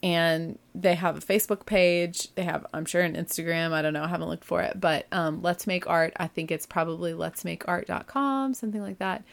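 A woman's voice: fairly low pitch, steady tone, moderate pace, creaky, few pauses. A woman hosting her own podcast, talking casually and gushingly with lots of fillers and asides. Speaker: podcast host. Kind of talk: casual solo chat.

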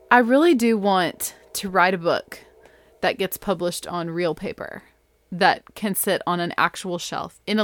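A woman telling a personal story in a casual, chatty monologue, full of "like" and "you know" and laughing at herself. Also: on the low side. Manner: chatty and animated, heavy on fillers like "like" and "you know"; self-deprecating, laughs at her own story.

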